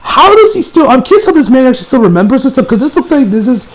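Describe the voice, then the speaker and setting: A man with a high voice talks through an anime episode in a loose, casual review. He gets animated and exasperated, laughs often and swears freely. A faint hiss sits under his voice. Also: quick pace, poor audio.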